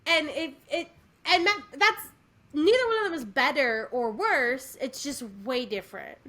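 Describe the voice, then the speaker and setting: A woman's voice: sits high, expressive, measured pace, bright, forceful tone. A woman co-hosting a podcast, chatting casually and enthusiastically with many fillers and restarts. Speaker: podcast co-host. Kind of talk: casual chat.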